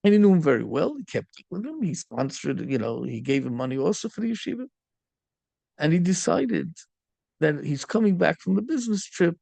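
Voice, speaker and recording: A man, a rabbi, telling a story in a sermon, lively and full of Yiddish and Hebrew words. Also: fairly high pitch, brisk, vocal fry, no room sound.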